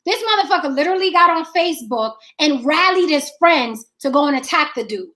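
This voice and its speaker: A woman with a high voice chatting casually about making films. She talks bluntly and profanely, hammering her points with repetition. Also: animated, brisk, bright, forceful tone. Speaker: filmmaker. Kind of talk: casual chat.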